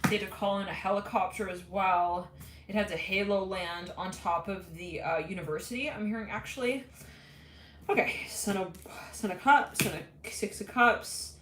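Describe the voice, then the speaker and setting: A woman's voice: medium pitch, normal speed, fairly bright tone, roomy sound, a little hiss or hum. A woman giving a live tarot reading, rambling and giggly as she relays what she is hearing. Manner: rambling, giggly, channeling messages. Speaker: tarot reader.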